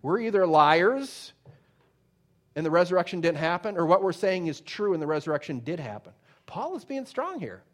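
A man with a somewhat high voice preaches with emphatic force. He drops into casual asides full of fillers, then builds back up to loud declarations. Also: very animated, fast talker. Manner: emphatic preaching, rising and dropping in volume; conversational asides with many fillers. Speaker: pastor. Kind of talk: sermon.

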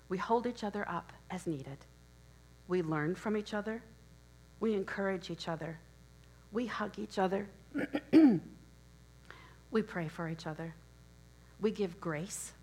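A middle-aged woman preaching a sermon in a church, hoarse and losing her voice, earnest and encouraging, often clearing her throat. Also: lowish voice, low-quality recording. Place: church sanctuary.

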